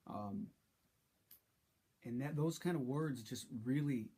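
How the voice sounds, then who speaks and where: Husky man venting haltingly. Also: medium pitch, mellow. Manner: halting and frustrated, many restarts. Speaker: vlogger. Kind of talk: personal story.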